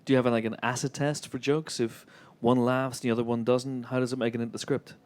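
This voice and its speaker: A man hosting a live Q&A, asking questions and calling on the audience in a friendly, brisk way. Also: medium pitch, flat delivery, a little mellow. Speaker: event host. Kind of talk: moderating a live Q&A.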